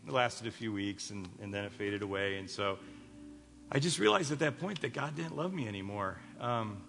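A Chicago pastor in his fifties tells stories during a sermon, rambling and restarting often while tossing light jokes to the congregation. His voice sits on the low side, creaky yet fairly bright, expressive and at a moderate pace. Faint music plays behind him, and the hall adds an echoey reverb.

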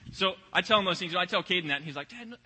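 A young pastor preaches in a church sanctuary, his high voice racing with a sharp tone and a breathy edge. He talks conversationally, often repeating words as he finds his place, and the large hall gives a long reverb.

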